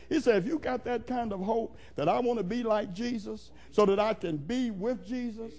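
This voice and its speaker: High, gravelly-voiced male preacher. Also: moderate pace, hardly any pauses, a little mellow. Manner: emphatic, rhythmic, calls out to the congregation; repetitive, building cadence. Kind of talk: sermon.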